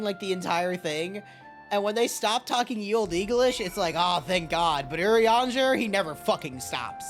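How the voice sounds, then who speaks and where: A male streamer casually joking and swearing over gameplay. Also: high voice. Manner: profane, joking. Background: game music.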